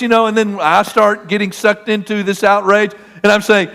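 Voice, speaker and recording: Animated storytelling preacher man, long reverb. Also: sits high, normal speed, few pauses. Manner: storytelling, animated, acts out the argument. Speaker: pastor. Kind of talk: sermon with personal story. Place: church sanctuary.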